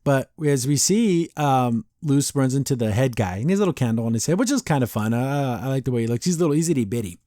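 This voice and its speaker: A man's voice: medium pitch, expressive, fast, hardly any pauses, mellow, no echo, clean studio sound. A man hosting a podcast, recapping a cartoon episode in a rambling, casual way with many fillers and restarts. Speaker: podcast host.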